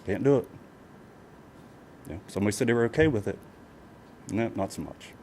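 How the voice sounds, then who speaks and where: A man's voice: on the low side, expressive, brisk, a little mellow, a little hiss or hum. A man speaking as a property owner at a county planning meeting, emotional and pleading, repeating himself with many filler phrases. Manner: emotional, pleading, repetitive with many "you know"s. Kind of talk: public comment at a county meeting.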